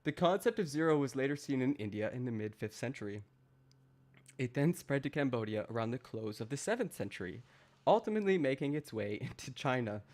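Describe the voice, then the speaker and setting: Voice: mid-range voice, darkish tone. Casual streamer reading aloud to chat. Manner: casual, self-deprecating asides to viewers. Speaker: live streamer.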